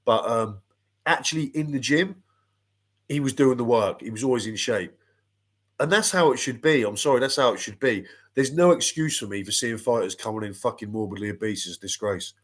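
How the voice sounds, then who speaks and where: A man's voice: mid-range voice, fairly quick, fairly bright tone. A middle-aged man, a boxing pundit ranting bluntly and swearing freely in casual panel chat.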